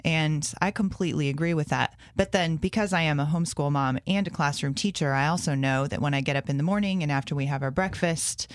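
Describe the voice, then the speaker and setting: A woman's voice: low voice, fairly quick, hardly any pauses, dry recording, clean studio sound. A woman, a homeschool mom and classroom teacher, talking earnestly in a casual conversation and thinking aloud as she goes.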